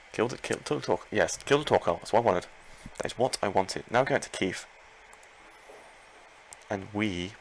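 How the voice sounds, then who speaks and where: A man commenting live on his own Pokémon battle, excitable, talking to himself and his opponent and repeating phrases. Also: fairly low pitch, a little hiss or hum, poor audio. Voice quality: gravelly.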